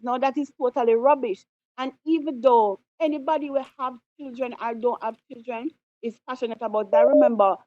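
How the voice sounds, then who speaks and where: A woman's voice: a little high, warm tone, no room sound. A woman calling in to a show, speaking passionately and indignantly because she is upset. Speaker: caller. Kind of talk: impassioned phone-in comments. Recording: dull lo-fi phone line.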